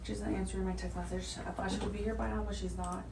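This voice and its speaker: A woman's voice: mid-range voice, level tone, rapid-fire, creaky, background noise. A woman who is a team lead, curt and firm as she tells an employee to leave, caught on a hidden phone. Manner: curt and firm, giving orders. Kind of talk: workplace confrontation. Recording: distant echoey audio from a hidden phone.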